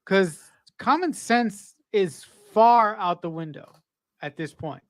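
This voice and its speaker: Co-host, mid pitch, dry close sound, mostly short agreeing replies. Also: animated, dry recording. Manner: short agreeing replies, measured when taking a turn. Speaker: watch-along co-host. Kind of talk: casual chat.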